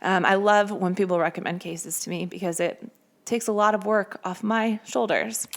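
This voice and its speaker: A woman's voice: mid-range voice, steady tone, normal speed, vocal fry. A woman hosting a true-crime podcast, telling the case in a casual, conversational way with fillers. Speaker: podcast host.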